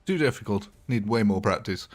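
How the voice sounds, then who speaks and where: A low-voiced man chats through a live gaming stream. His talk is loose, jokey and rambling. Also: expressive, a little fast, faint music behind. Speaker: live-stream gamer host. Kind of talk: casual live-stream commentary.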